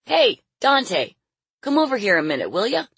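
A woman voicing a gruff, folksy old man who works at a circus. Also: lowish voice, big pitch swings, moderate pace, dry recording, full character voice. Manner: folksy, rough. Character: gruff old male circus hand, rough-spoken.

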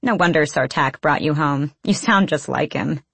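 A woman reading the lines of a blunt, teasing, sharp-eyed clan girl in an audiobook. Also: low-pitched, moderate pace, vocal fry, slightly rough, no room sound, exaggerated voice.

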